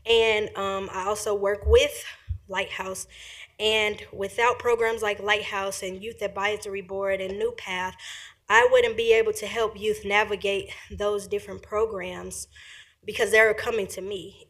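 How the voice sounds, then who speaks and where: A young woman at a podium microphone in a meeting room, giving a public comment. She talks quickly and earnestly, with plenty of ums, and sounds grateful. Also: medium pitch, fairly bright tone. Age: young adult. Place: county commission meeting room.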